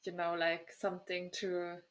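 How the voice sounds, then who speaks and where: A woman's voice: on the low side, completely flat delivery, measured pace. A woman at a tabletop game asking questions in a tentative way that trails off. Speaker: player. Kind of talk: casual chat at a game table.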